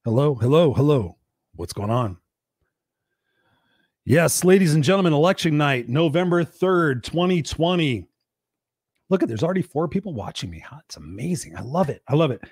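A man hosting a live-streamed motivational show, talking in an energetic coaching tone and greeting viewers by name, his voice a little tired. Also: fairly high pitch, normal speed, long pauses, breathy edge, dry recording, studio quality. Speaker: podcast host. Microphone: desk mic with monitors.

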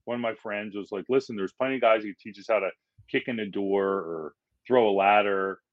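A man from Philadelphia tells stories as a podcast guest, jumping between voices for everyone he quotes. His voice sits fairly low. The recording is dry and a little dull. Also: dry recording. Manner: animated, acts out quotes in changing voices. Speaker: guest, firefighter. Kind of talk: casual storytelling in a podcast interview.

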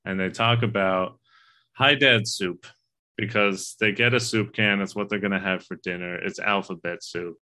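A man's voice: deep voice, fairly even intonation, normal speed, pushed and bright. A man co-hosting a casual movie discussion, talking in an earnest, rambling way and swearing casually. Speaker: podcast co-host.

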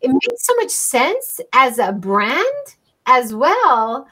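A woman's voice: high voice, huge pitch swings, slow pace, sharp tone, breathy edge. A woman hosting a casual livestream chat, engaged, ending her points with "right?". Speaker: livestream host.

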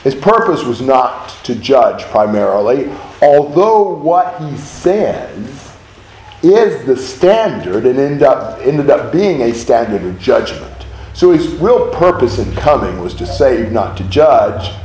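A man teaching a Bible study to a group, emphatic and animated, often asking rhetorical questions. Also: mid-range voice, slow pace. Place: room with a group of listeners. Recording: roomy echo, faint background noise.

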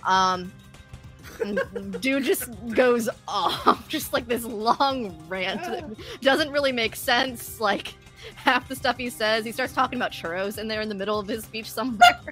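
A woman running a tabletop game as game master, chatty and quick to laugh. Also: a little high, fairly bright tone, soft background music. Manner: laughs often, loose and chatty narration.

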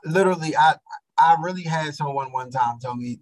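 A young man in casual chat, telling stories in a blunt, profane, animated way. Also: a little high, fairly quick, low-quality recording.

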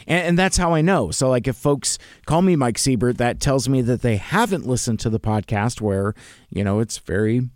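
A man's voice: medium pitch, moderate pace, a little mellow, no room sound, clean studio sound. A middle-aged man hosting a podcast, chatting casually and rambling with lots of fillers and restarts. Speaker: podcast host. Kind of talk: casual chat.

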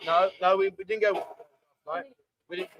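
A man's voice: sits high, fairly even intonation, moderate pace, lo-fi sound, a crowd in the background. A man hosting a casual livestream from a bar, hungover, rambling and joking as he reads out viewer comments. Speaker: livestream host. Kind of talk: casual chat. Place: bar, indoors, construction banging nearby. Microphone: microphone.

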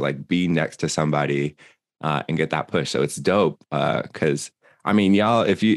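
A man's voice: low-pitched, no room sound, clean studio sound. A young man co-hosting a casual chat, talking in a loose, rambling way. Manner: rambling, many fillers and restarts. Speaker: podcast co-host.

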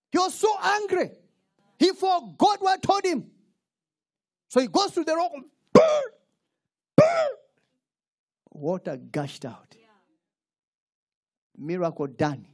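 A man's voice: extremely high pitch, slow pace, long pauses. A man preaching a sermon, calling for responses from the congregation. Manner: animated call-and-response preaching with laughs. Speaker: pastor.

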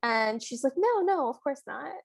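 Amused, higher-voiced woman podcaster. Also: lively intonation, normal speed, vocal fry, no room sound. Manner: chatty, amused retelling with quoted lines. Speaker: podcast co-host. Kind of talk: casual movie recap chat.

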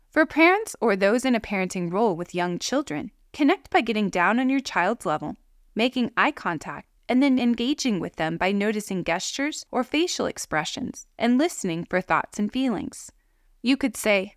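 A woman giving calm, measured scripted narration of parenting guidance. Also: mid-range voice, dry recording, clean studio sound. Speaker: parenting educator.

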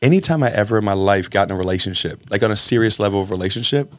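A man's voice: lowish voice, rapid-fire, no echo. A man hosting a podcast, talking candidly and with animation, often acting out what others said. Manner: animated, acts out quoted dialogue in a raised voice; candid and self-reflective. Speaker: podcast host. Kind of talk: casual podcast conversation.

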